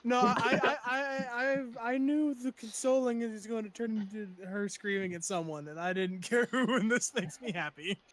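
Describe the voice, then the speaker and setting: High-voiced stammering game player. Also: male voice, moderate pace, hardly any pauses, a bit bright, slight background noise. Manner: stammering, giggly asides. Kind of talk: casual chat.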